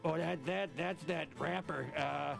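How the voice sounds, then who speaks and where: A man hosting a casual radio segment, rambling and halting, often chuckling. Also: a little high, vocal fry, over music. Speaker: radio host.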